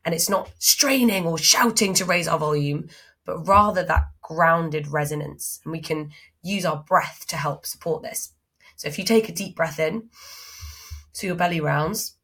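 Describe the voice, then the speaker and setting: A woman voice coach giving an instructional talk on vocal technique, demonstrating changes in pace, pitch and volume as she explains them. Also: fairly bright tone, slightly rough.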